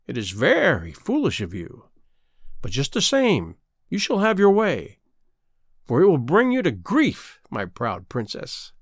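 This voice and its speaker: A man's voice: fairly high pitch, huge pitch swings, unhurried, no room sound, studio quality, exaggerated voice. A man voicing a cruel, mocking old female sea witch in a storybook reading, with a gloating, menacing delivery.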